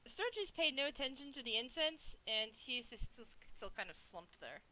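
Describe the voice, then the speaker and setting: A woman narrating a tabletop game as game master, relaxed and self-deprecating. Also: high voice, moderate pace, low-quality recording.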